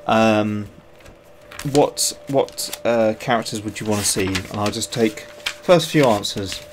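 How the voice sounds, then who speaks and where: Low-voiced man chatting while sculpting. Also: slow pace, slight background noise. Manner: thinks aloud, rambling and self-mocking. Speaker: sculptor streaming his work. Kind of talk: casual livestream chat while working.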